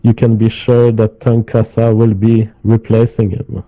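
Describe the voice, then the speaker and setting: Man, French accent, calm, measured, low dark voice, dry sound. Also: no room sound, low-quality recording. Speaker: stream guest. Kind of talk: live-stream debate.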